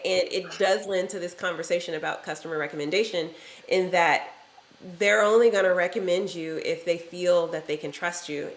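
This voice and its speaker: A woman hosting a casual business talk show, easygoing and laughing often. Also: on the low side. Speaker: host. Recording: roomy echo.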